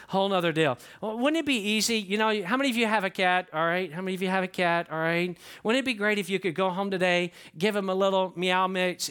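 Animated older preacher, man. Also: sits high. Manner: animated, folksy, asks the congregation questions. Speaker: pastor. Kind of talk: sermon.

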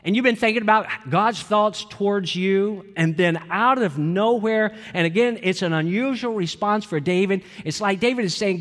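A man's voice: high-pitched, moderate pace, few pauses, a bit bright, in a large hall. A man preaching a sermon as a pastor, emphatic, acting out quoted prayers with growing intensity.

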